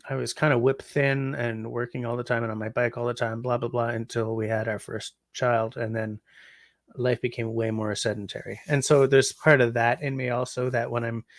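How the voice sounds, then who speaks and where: A man from Canada in his forties hosts a casual livestream, tired and rambling, reading chat with plenty of ums. His mid-pitched voice has a gravelly grain. The sound is dry and close, with no room echo. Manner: rambling, chatty, yawning, frequent ums.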